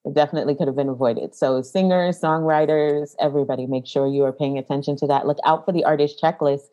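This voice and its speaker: Low-voiced, giggly woman co-host. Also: steady tone, fast talker, warm tone, rough recording. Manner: upbeat, giggly, advice-giving. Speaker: podcast co-host. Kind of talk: casual chat.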